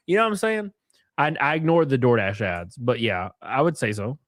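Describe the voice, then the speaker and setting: A man's voice: mid-range voice, animated, normal speed, no echo, clean studio sound. A young man hosting a casual live stream, reading viewer comments and joking crudely with frequent laughs. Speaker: livestream host.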